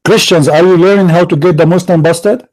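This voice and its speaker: Combative high-voiced man debating. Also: steady tone, fairly quick, darkish tone, poor audio. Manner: mocking, confrontational, rhetorical questions, broken English grammar. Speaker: debate show host. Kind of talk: combative religious debate monologue.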